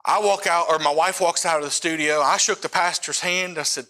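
A man's voice: fairly high pitch, fairly even intonation, a little fast, few pauses, sharp tone. A middle-aged male missionary preacher telling a personal testimony in a casual, conversational way, often checking in with his listeners. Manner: casual storytelling with frequent asides to the audience. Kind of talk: sermon testimony.

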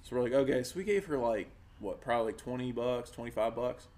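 Animated man telling rowdy stories. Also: mid-range voice, fast talker. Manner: animated, acts out voices and sounds while telling stories. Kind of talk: casual storytelling chat.

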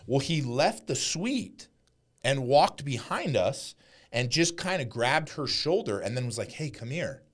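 Young man, brash and profane, lively swinging pitch, casual podcast chat. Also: a little slow. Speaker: podcast guest.

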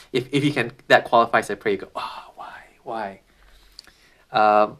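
A man's voice: mid-range voice, fairly bright tone. A man reading a psalm aloud and then reflecting on it in an informal, thoughtful way, with many fillers and restarts. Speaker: Bible teacher. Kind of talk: scripture reading and devotional reflection.

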